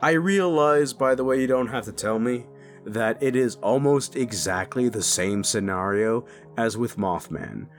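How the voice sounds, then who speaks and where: A man's voice: mid-range voice, measured pace, soft background music. A man and father, a content creator, talking casually and candidly to his audience, joking about himself. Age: adult father. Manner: candid, self-deprecating, loose. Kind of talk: casual chat.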